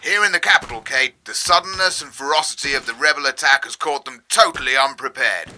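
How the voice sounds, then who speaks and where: A man's voice: medium pitch, fairly quick, sharp tone, a little hiss or hum. A man playing a solemn war correspondent in a comedy news parody. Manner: solemn reporting. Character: grave male war correspondent.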